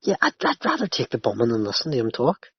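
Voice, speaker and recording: A man's voice: medium pitch, wildly swooping pitch, quick pace, slightly rough, no room sound. A man hosting a podcast, ranting and swearing through casual banter with a friend. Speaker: podcast host. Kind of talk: casual chat. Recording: dry, slightly muffled lo-fi.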